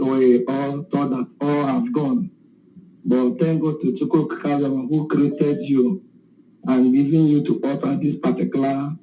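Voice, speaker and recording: Flat-voiced man on distant phone. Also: medium pitch, a little hiss or hum. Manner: grateful, measured. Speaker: caller. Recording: distant echoey phone line.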